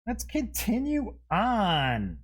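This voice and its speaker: A man with a fairly high voice takes his time, hosting a casual unboxing. He reads names off one by one in a slow, unhurried way and drops in short asides and self-amused chuckles. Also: huge pitch swings. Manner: chuckles at himself. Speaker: show host.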